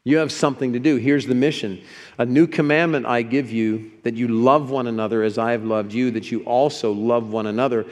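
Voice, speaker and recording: A male pastor delivering a sermon in a church sanctuary, his voice ringing out with a long reverb tail. He talks in an easy, conversational way and becomes animated whenever he quotes scripture. His voice sits in a middle pitch range. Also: fairly quick. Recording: echoey hall with long reverb.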